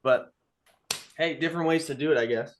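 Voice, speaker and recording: A man's voice: a little high, fairly quick, a little hiss or hum. A young man co-hosting a podcast, telling stories casually and acting out the quotes. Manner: animated storytelling with acted-out quotes. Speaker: podcast co-host. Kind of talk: casual chat.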